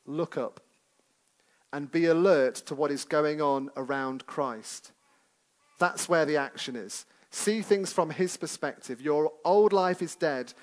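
A man with a notably high voice preaches to a congregation in a church. He keeps it conversational and chatty, often asking his listeners questions as he goes. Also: slow. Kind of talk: sermon.

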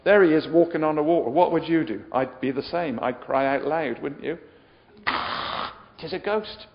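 Guy preaching, jokey and chatty, keeps quizzing the crowd, kinda higher voice, muffled lo-fi recording. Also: a little fast, noisy background. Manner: chatty, jokey, asks the audience questions. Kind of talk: sermon. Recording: dull lo-fi sound with long hall reverb.

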